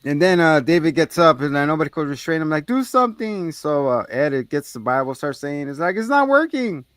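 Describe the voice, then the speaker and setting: High-voiced man animatedly recapping a movie. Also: fast talker, smooth, no room sound. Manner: animated retelling, acting out characters' lines in a raised voice; swears freely. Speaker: podcast co-host. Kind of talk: casual movie recap chat.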